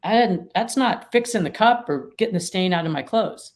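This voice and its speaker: A woman's voice: medium pitch, lively intonation, moderate pace. A middle-aged woman, an attorney mediator and author, explaining her ideas emphatically with vivid everyday examples in an interview. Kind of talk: interview conversation.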